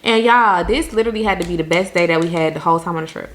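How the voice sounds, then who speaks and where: A woman from Jamaica telling a vacation story to her viewers in a casual storytime, animated and laughing often. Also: on the low side, very fast.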